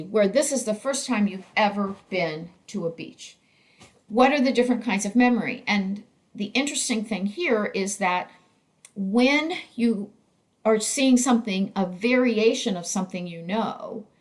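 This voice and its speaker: A woman lecturing to fellow clinicians in a recorded course. She explains step by step in a measured, even way, pausing and restarting now and then. Her voice sits at a middling pitch. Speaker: continuing-education lecturer for speech pathologists.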